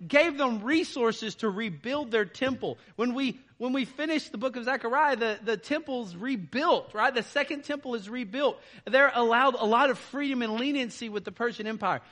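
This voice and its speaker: Man, pastor, high voice, bright tone, casual preaching, conversational. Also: normal speed, hardly any pauses. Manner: casual, conversational preaching with frequent "right?" and laughs. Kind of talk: sermon.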